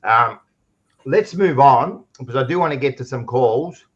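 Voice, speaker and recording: A man's voice: mid-range voice, lively intonation, moderate pace, dull audio. An Australian man hosting a casual sports podcast, rambling and blunt, often restarting his sentences. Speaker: podcast host.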